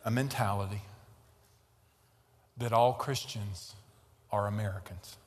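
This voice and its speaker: A man preaching a sermon, telling a story and growing loud and animated in tense moments. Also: lowish voice, a little slow, big-room sound. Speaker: pastor. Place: large tent.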